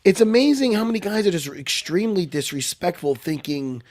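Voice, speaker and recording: Man, podcast host, high voice, very lively pitch, rambling casual talk, dry close sound. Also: a little fast, dry recording. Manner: rambling, loose and profane.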